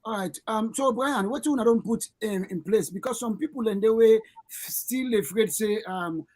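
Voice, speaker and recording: A radio host with a Sierra Leonean Krio accent, asking halting questions full of hesitations. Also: medium pitch, a little mellow. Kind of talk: radio interview.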